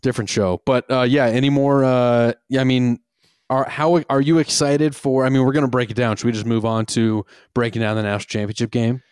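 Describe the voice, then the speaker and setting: A man's voice: mid-range voice, fairly even intonation, fairly quick, a little mellow, smooth, dry recording, clean studio sound. A man co-hosting a casual sports podcast, talking earnestly and thinking aloud with restarts. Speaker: podcast co-host.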